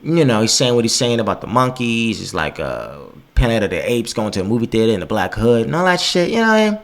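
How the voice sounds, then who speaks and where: A man's voice: mid-range voice, fast talker. A man hosting a podcast, ranting casually and profanely and acting out other people's voices. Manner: profane, animated, acts out quoted voices. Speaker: podcast host.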